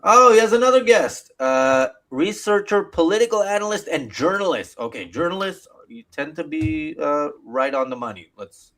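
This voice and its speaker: A man's voice: a little high, animated, normal speed, hardly any pauses, a bit bright. A man hosting a live stream, reacting to a clip with hesitant, rambling commentary full of fillers. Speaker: host.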